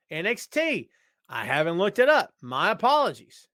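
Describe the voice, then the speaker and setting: Man, podcast host, casual chat, rambling, slightly high voice, dry close sound. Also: normal speed, no room sound. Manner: animated, jumps to shouting when excited; rambling, frequent restarts. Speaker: podcast host answering audience questions.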